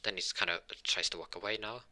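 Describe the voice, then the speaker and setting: A man telling an improvised fan story in a rambling, halting way, often stopping to restart his sentences. His voice sits low but has a sharp, tense, bright edge. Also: steady tone.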